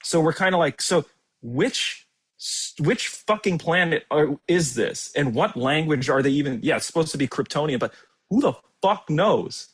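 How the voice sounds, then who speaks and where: A man's voice: on the high side, lively intonation, normal speed, husky. A young man co-hosting a movie review show, mocking and sarcastic, swearing often in casual chat. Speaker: co-host.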